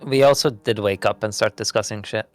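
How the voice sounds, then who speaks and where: Lowish guy player, chill and easygoing, faint music behind. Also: a little fast. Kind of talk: casual chat.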